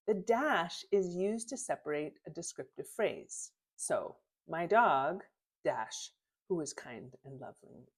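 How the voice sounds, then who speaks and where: A woman teacher explaining punctuation in a clear, step-by-step way, reading example sentences aloud with their punctuation marks. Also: on the low side, a little mellow. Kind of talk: lesson on punctuation.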